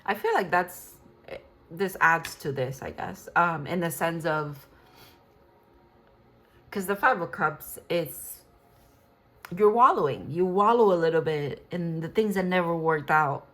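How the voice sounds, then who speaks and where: Tarot reader, woman in her 30s, lowish voice, chatty and excitable, lots of restarts. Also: measured pace, long pauses. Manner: rambling, enthusiastic, many restarts and fillers. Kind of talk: casual tarot reading monologue.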